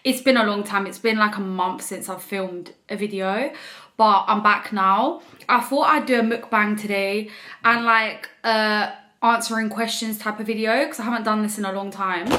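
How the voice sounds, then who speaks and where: A young woman in a casual vlog, chatting as she shows off her food and answers viewer questions, with a relaxed manner and frequent "like". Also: mid-range voice, moderate pace. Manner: chatty, relaxed, filler "like" often. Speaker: vlogger. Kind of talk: casual mukbang chat.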